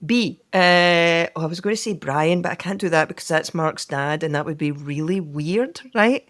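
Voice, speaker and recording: A woman's voice: lowish voice, a bit bright, no echo, clean studio sound. A Scottish woman hosting a comic podcast, teasing and joking as she chats. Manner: playful, teasing, quick jokes. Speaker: podcast host.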